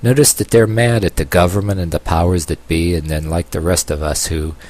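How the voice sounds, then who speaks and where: A man from the United States talking in a rambling opinion video, halting with many fillers and restarts and dropping sarcastic asides. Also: sits low, steady tone, darkish tone. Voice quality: long-haired, calls himself a hippie. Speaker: vlogger.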